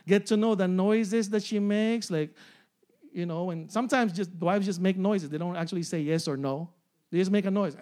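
A pastor in his forties with a high, darkish voice preaches a sermon, often repeating phrases. He asks the congregation "amen?" and "right?" and laughs along with them.

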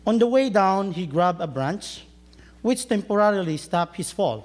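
A man's voice: high-pitched, animated, moderate pace. A man preaching a sermon, telling a story and joking with his congregation. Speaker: pastor.

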